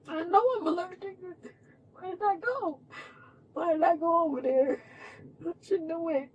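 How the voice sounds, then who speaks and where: A woman under arrest, crying and short of breath, swearing at herself and trying to calm down alone in the back of a police car. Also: high-pitched, moderate pace, slight background noise. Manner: panicky, sobbing, swearing at herself. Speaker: arrested driver.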